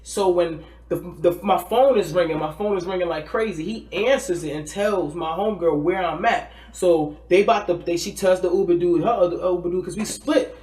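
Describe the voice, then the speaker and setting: A man from New Jersey with a high voice chats on a podcast, telling a wild story in heavy slang. He throws himself into the quoted voices of the people in it. The sound is roomy, with plenty of echo. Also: moderate pace, hardly any pauses, a little mellow. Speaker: podcast co-host. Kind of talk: casual storytelling chat.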